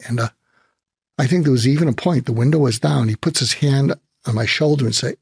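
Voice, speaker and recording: Older male psychiatrist guest, gravelly husky voice, dry close sound, lively storyteller. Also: medium pitch, a little fast, no room sound. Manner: animated anecdote teller, acts out his own lines. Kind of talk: storytelling in interview.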